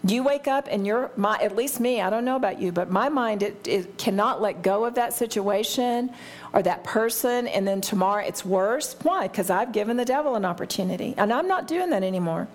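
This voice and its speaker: A woman's voice: medium pitch, animated, a little fast. Candid woman teaching the Bible. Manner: candid and self-deprecating, laughs often.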